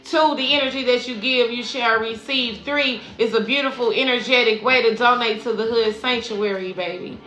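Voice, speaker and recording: A woman gives a tarot reading over a livestream, preaching to her viewers in a profane, affectionate way. Her voice is bright and a little high. The room is echoey, with faint music playing underneath. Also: fairly even intonation, normal speed, few pauses. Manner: preachy, profane, calls listeners baby and cousin. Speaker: spiritual life coach and tarot reader.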